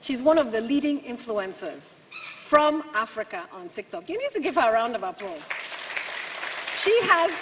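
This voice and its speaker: A woman's voice: fairly high pitch, very animated, normal speed, a bit bright, some chatter behind. A woman giving a public speech, emphatic and asking the audience rhetorical questions. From Nigeria. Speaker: keynote speaker. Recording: long hall reverb from a venue.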